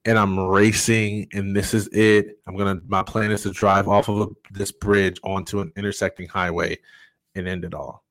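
A middle-aged man speaking as a guest, telling a personal story earnestly and candidly, halting often with fillers. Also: sits low, flat delivery, no room sound. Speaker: podcast guest.

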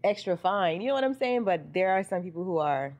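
A woman's voice: fairly low pitch, animated, brisk, a little mellow, highs cut off. A woman co-hosting a podcast in casual chat, blunt and slangy, laughing often. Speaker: podcast co-host.

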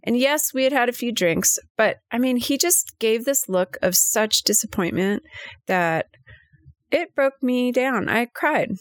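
A woman's voice: fairly high pitch, lively intonation, a little slow, dry recording, clean studio sound. A middle-aged woman co-hosting a casual chat, telling personal stories in a chatty, emotional way. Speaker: podcast co-host.

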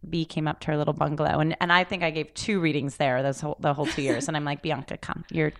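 Woman guest medium, quick earnest delivery, dry close mic. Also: deep voice, fairly even intonation, dry recording. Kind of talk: casual podcast conversation.

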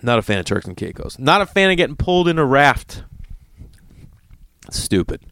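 A man with a creaky mid-range voice at a moderate pace tells a rambling travel story as a casual monologue. He's animated and swears freely, acting out what people said to him.

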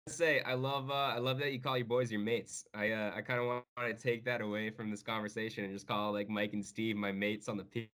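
A man co-hosting a podcast who banters and teases with a playful, easygoing delivery. His voice has a bright, forward edge. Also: lowish voice, little pitch movement, brisk, few pauses. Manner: playful, teasing. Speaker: podcast co-host. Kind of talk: casual interview chat.

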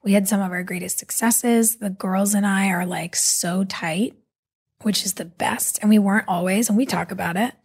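A woman guest in a casual interview, telling stories animatedly with quick asides. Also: medium pitch, steady tone, slightly rough. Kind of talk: casual conversational storytelling.

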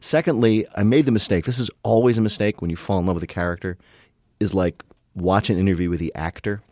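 A man's voice: deep voice, no room sound. A man co-hosting a podcast, chatting casually and animatedly about a TV episode, joking and breaking off his own sentences. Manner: animated, quick, jokey, self-interrupting. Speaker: podcast co-host. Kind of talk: casual TV recap chat.

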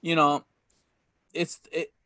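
A man hosting a podcast, chatting casually about a movie in an animated, rambling way with many restarts. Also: fairly high pitch, takes it slowly, dry recording, studio quality. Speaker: podcast host.

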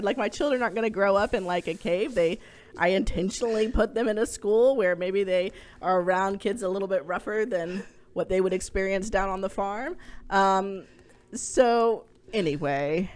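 Animated mom telling stories on a podcast. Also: female voice, medium pitch, normal speed. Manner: animated storytelling, voices rising in surprise. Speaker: podcast co-host. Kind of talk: casual chat.

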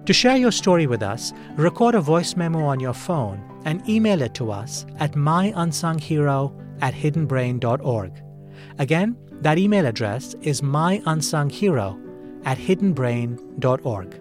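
A male podcast host giving measured, scripted narration. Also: a little high, sing-song, music in the background.

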